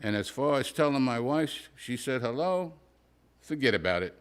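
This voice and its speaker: A man, a poet at a live reading, reading a humorous prose story aloud in a dry, wry, deadpan way. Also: mid-range voice, moderate pace, clear, resonant tone. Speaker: poet reading his work.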